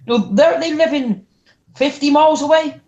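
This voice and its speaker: A man with a high voice tells animated stories as a guest on a casual interview show. He often restarts his sentences and mimics other people as he goes. The sound is echoey, as if recorded in a bare room. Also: moderate pace, muffled recording. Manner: animated, acts out voices in anecdotes, frequent restarts. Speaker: guest wrestler.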